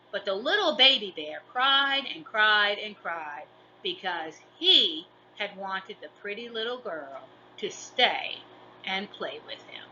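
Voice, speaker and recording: Woman librarian, storybook read-aloud, expressive and sing-song; dull lo-fi recording. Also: mid-range voice, a little hiss or hum.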